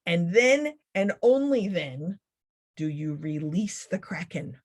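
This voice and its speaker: A woman's voice: on the low side, slow pace. Sarcastic, funny woman giving a keynote. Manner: sarcastic, funny, animated delivery. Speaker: keynote speaker. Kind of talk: motivational keynote talk.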